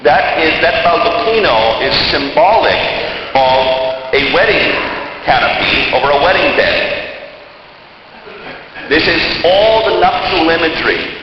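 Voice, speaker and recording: Animated priest preaching in a reverberant church. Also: male voice, on the high side, unhurried. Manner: animated, emphatic storytelling delivery. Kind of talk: homily. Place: large church. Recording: distant mic, long church reverb, dull sound, background noise.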